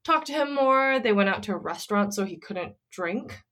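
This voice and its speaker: A woman's voice: mid-range voice, expressive, moderate pace, a bit bright. A woman co-hosting a casual podcast, retelling a friend's story in a chatty way with lots of fillers. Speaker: podcast co-host.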